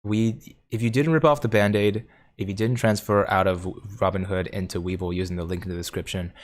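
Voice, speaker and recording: A man's voice: low voice, fairly even intonation, a little fast. A man hosting a casual stock market livestream, reading viewer chat aloud and answering questions in a jokey, chatty way.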